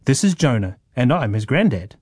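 A man voicing a kindly, playful grandfather in a children's story, gentle and cheerful. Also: medium pitch, very animated, moderate pace, breathy edge, dry recording, studio quality.

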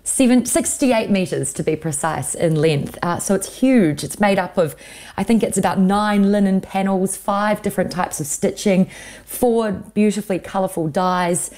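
A woman's voice: mid-range voice, normal speed, darkish tone. A woman correspondent giving enthusiastic, informative answers in a radio interview.

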